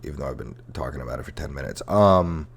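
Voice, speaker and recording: A man's voice: a bass voice, expressive, fast talker, creaky, breathy edge. A young adult man hosting a comedy history podcast, ranting irreverently with sarcasm, swearing, and rambling fillers. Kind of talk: casual comedic rant. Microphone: headphones and podcast mic.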